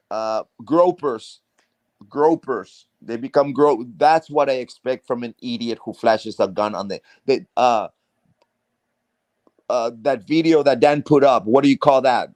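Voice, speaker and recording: Darkish in tone and mid-range in pitch, this man's voice is recorded with no echo. He's a South Texan caught in a heated, casual rant on a live stream, cursing heavily. He restarts his phrases and hits every point hard.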